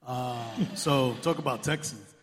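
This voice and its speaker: A man's voice: mid-range voice, unhurried. A man from New York speaking casually and hesitantly, with many ums. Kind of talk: casual chat. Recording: long hall reverb, off mic.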